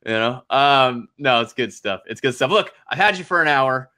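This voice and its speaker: A man's voice: mid-range voice, lively intonation, normal speed, bright, forceful tone. A man hosting a casual interview, talking in a laid-back way, laughing easily and letting sentences trail off. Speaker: host.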